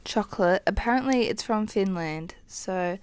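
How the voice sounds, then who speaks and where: Young aussie-born girl vlogging, chatty and rambly, soft mellow tone. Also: mid-range voice, moderate pace, clean tone, no room sound, rough recording. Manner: chatty storyteller, fillers like "like". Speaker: travel vlogger. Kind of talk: casual travel vlog.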